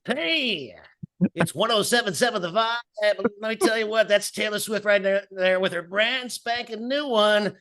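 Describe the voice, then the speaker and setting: Guy putting on a loud cheesy radio dj voice, pitched way up, hammy as heck. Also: unhurried. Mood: hyped. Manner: hammy announcer delivery. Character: over-the-top male radio DJ, brash and booming. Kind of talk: impression of an old-school radio announcer.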